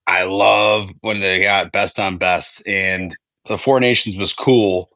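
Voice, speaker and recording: A man's voice: low voice, fairly even intonation, slow pace, pushed and bright, dry recording. A man hosting a sports podcast in casual chat, rambling and swearing freely. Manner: rambling, profane, self-correcting. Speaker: podcast host.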